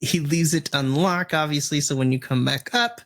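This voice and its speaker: A man's voice: on the high side, normal speed, fairly bright tone. A man narrating a tabletop game as dungeon master in a loose, chatty way.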